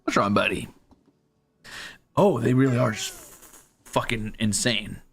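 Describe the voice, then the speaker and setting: A man's voice: fairly low pitch, fairly even intonation, unhurried, fairly bright tone, slightly rough. A man streaming from a room at home, chatting casually while he draws, swearing freely and teasing his cat in coaxing baby-talk. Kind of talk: casual live-stream chat while drawing.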